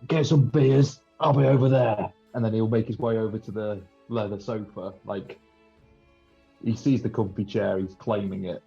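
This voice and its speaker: A man with a low, mellow, husky voice playing a tabletop game, who describes his character's actions in a playful, cinematic way. The sound is dull and lo-fi. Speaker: player.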